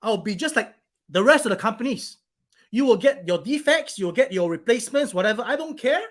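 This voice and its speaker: A man's voice: high voice, expressive, brisk, a bit bright. A man hosting his own live stream, reading out viewer comments in an irritated, blunt, rambling way and swearing now and then.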